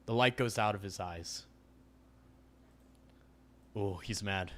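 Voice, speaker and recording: Bright-voiced man reading a game aloud. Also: lowish voice, slow pace. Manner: playful, wry asides. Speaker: streamer. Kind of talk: reading a visual novel aloud with commentary.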